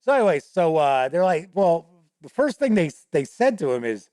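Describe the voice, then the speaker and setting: A man with a slightly high, sing-song, darkish voice hosts a show at a moderate pace, with no room sound. He casually tells a rambling story from his tabletop game, restarting often and acting out his players' voices.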